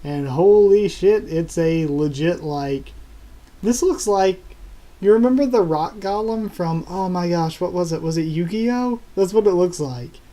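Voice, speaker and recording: A man doing a live reading of a manga chapter and reacting to it, with frequent laughs and excited asides. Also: high-pitched, measured pace. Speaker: manga reviewer.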